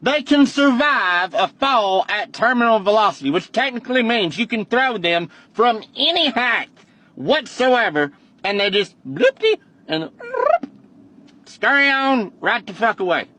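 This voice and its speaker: A man's voice: very high-pitched, lively intonation, a little slow, pushed and bright, slight background noise. A man in a clip explaining things casually in a joking, profane way.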